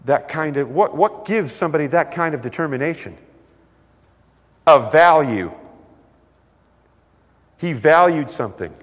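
A man preaching a sermon, telling stories with lively delivery and acting out the voices of the people in them. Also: on the high side, unhurried, long pauses. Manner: animated storytelling, acts out voices. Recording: long hall reverb.

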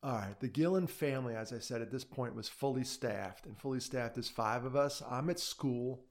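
A man's voice: medium pitch, moderate pace. Candid middle-aged man telling a story. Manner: candid, tells his story with quoted asides. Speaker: podcast guest. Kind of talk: conversational storytelling.

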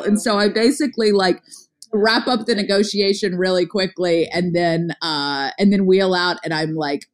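A middle-aged woman telling a story in casual conversation, talking fast with lots of filler words and acting out what people said. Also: medium pitch, animated. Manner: fast, chatty, lots of "like" fillers, acts out her own past lines. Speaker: guest, startup founder.

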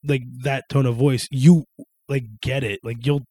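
A young man in casual chat, swearing freely, animated and quick to break into joking impressions. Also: mid-range voice, dry recording.

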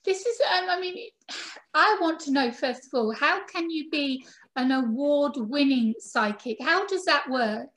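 A woman's voice: sits high, lively intonation, unhurried, a bit bright. A woman hosting a podcast interview, chatty and a little rambling as she introduces and questions her guest. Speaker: podcast host. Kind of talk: casual interview chat.

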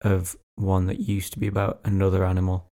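A man's voice: low-pitched, completely flat delivery, fairly quick, warm tone. A man co-hosting a podcast, musing and thinking aloud in casual chat. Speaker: podcast co-host.

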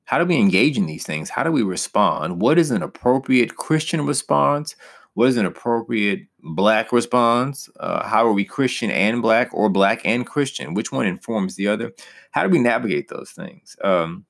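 A man's voice: lowish voice, expressive, moderate pace, creaky, fairly bright tone. A young man teaching as a pastor in an earnest, personal way, rising with emphasis on key points. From United States.

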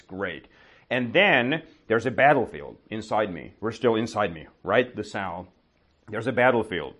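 Lively man telling a lesson story. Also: on the low side. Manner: animated, asks and answers his own questions, often adds "right?". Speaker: teacher. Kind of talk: casual explanatory storytelling.

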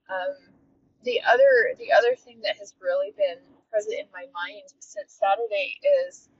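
Woman host and fitness coach, earnest heartfelt reflection with a lively voice; dull recording with a faint hiss. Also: on the high side. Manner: earnest, heartfelt, with frequent restarts. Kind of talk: reflective solo monologue. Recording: dull, slightly lo-fi with faint noise.

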